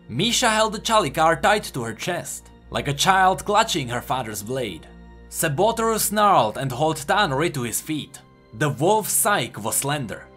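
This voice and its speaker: A man from the Czech Republic reading a dark fantasy tale with animated, sweeping intonation. His voice sits a touch high. Faint music plays behind him. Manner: expressive, animated. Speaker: lore narrator. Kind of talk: dramatic story reading. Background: faint background music.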